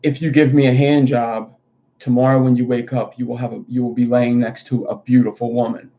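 A man voicing a sly little male trickster posing as a leprechaun, speaking quietly and flatly. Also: mid-range voice, brisk, natural voice. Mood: deadpan. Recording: dull lo-fi stream audio.

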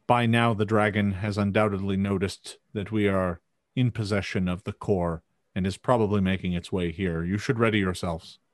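A man's voice: on the low side, fairly even intonation, moderate pace, no echo, studio quality, pitched below the performer's own voice, lightly acted. A man voicing a solemn woman who leads a ritual, giving a grave, urgent warning in a tabletop game.

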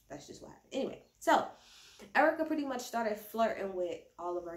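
A woman's voice: on the low side, lively intonation, brisk. Slangy woman ranting casually, kinda tipsy, cussing a lot, roomy echo cuz no mic. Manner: slangy, profane, chatty. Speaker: reality TV recapper. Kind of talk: casual episode recap. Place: at home indoors. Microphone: built-in device mic, no external mic.

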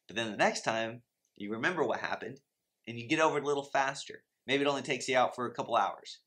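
Male teacher, 30s, mid-pitched, emphatic motivational preaching, acts out prayers. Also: fast, a bit bright. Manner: earnest, emphatic, acts out inner prayers and reactions. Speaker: Christian finance teacher.

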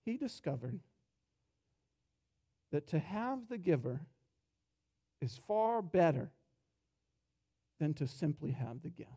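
A pastor preaching a sermon in a church, telling a story and acting out its characters, dropping soft and low for reflective points. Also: male voice, very animated, takes it slowly, long pauses, slightly rough. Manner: storytelling, acts out characters' lines with rising energy. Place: church sanctuary.

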